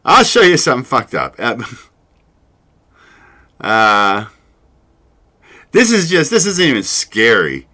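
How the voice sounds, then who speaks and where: Hosting his own solo livestream, a mid-range-voiced man talks slowly with long pauses, huge pitch swings, and a sharp tone. He rambles casually, swears freely, and laughs often.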